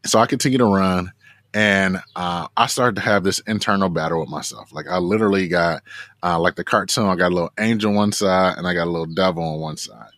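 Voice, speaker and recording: A man telling a story as an interview guest, animated and full of "like" fillers. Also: sits low, fast, dry recording. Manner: animated, filler-heavy with frequent "like". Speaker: guest, marathon runner and coach.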